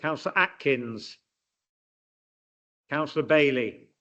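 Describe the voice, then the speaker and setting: A man reads councillors' names one after another in a slow, unhurried roll call. His voice sits a little high, and the chamber audio comes through dull and lo-fi. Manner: flat, list-like reading of names. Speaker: council officer calling the roll.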